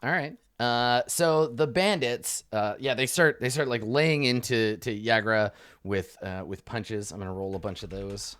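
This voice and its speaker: A young man runs a tabletop game, narrating in a loose, chatty manner that keeps circling back with fillers and restarts. His voice sits in an ordinary middle pitch for a man. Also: measured pace, fairly bright tone, clean tone. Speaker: game master.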